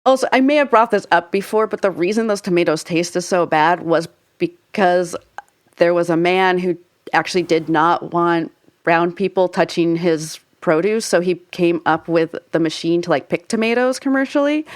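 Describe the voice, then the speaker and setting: A woman's voice: on the low side, normal speed, no room sound. A young adult woman co-hosting a podcast, explaining at length in casual chat with lots of filler words. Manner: chatty, explains at length with frequent "like" fillers and laughs. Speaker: podcast co-host.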